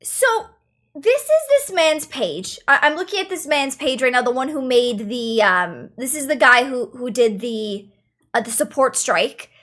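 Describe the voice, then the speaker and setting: A woman with a high, light voice talks to her stream chat in a loose, chatty way. She circles back on her own phrases and repeats them for emphasis. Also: expressive, unhurried, a bit bright. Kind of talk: casual stream commentary.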